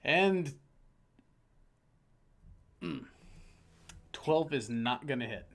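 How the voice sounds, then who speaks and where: A man's voice: mid-range voice, expressive, extremely slow. A man acting as game master, explaining rules and describing the scene with a playful, teasing manner. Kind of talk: narrating a tabletop game online.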